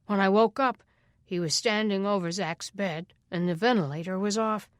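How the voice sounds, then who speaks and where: A woman voicing a bedridden male hospital patient who yells for help in a panic. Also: medium pitch, normal speed, no room sound, clean studio sound, close to an everyday voice. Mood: weary. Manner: panicked shouting.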